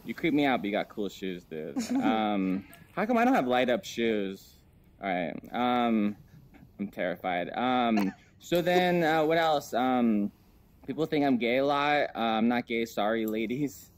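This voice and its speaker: A man's voice: mid-range voice, unhurried, slight background noise. A man doing a stand-up comedy set in a virtual world, nervous and self-deprecating, stumbling over many ums between jokes. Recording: lively laughing crowd behind.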